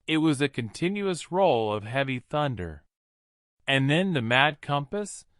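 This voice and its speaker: A man's voice: medium pitch, fairly bright tone, dry recording, clean studio sound. Man narrating a classic adventure audiobook.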